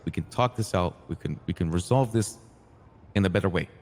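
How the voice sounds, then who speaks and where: A man playing a streetwise, hot-tempered crew boss in a roleplay game, retelling events in an animated way, acting out quoted lines and swearing freely. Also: low-pitched, fairly quick, long reverb tail. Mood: earnest. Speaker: roleplay character telling his side. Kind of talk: in-character storytelling in a roleplay game.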